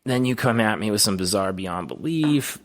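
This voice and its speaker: A man co-hosting a podcast in casual chat, rambling and profane, with animated storytelling. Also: on the low side, moderate pace, a little hiss or hum. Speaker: podcast co-host.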